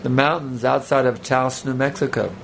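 Male speaker, gravelly, mid pitch, casual joking sermon style, faint hiss behind. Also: steady tone, normal speed. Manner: conversational, rambling, joking asides. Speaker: spiritual teacher. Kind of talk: sermon with audience banter.

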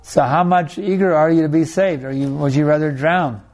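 A man's voice: fairly high pitch, normal speed, a little mellow. A man as a spiritual teacher telling stories and answering audience questions, with many restarts and laughs. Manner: storytelling with frequent restarts and laughs.

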